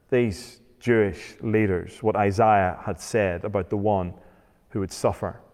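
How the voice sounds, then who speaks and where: A man preaching a sermon and reading scripture aloud, slowing down for emphasis. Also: mid-range voice, darkish tone. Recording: long hall reverb.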